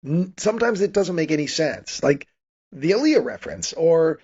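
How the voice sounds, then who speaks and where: A man's voice: fairly high pitch, lively intonation, normal speed, a little mellow, slightly rough. Podcast host, male, slightly raised voice, rambling casual recap, muffled lo-fi sound. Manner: rambling recap with frequent restarts and laughs. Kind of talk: casual movie recap chat.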